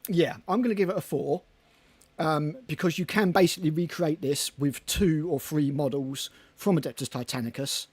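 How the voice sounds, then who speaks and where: A man's voice: a little high, moderate pace, breathy edge, dry recording. A man co-hosting a casual hobby podcast, rambling and chatty with casual swearing. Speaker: podcast co-host. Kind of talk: casual chat.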